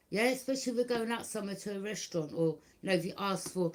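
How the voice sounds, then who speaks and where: Speaking quickly at medium pitch, a middle-aged tarot reader addresses her viewers in a casual monologue. She's blunt and repeats herself, constantly checking "do you understand".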